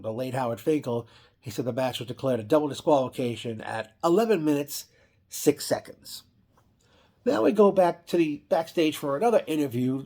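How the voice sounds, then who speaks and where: A man's voice: mid-range voice, darkish tone. A man casually recapping an old wrestling event, rambling with frequent restarts and self-corrections.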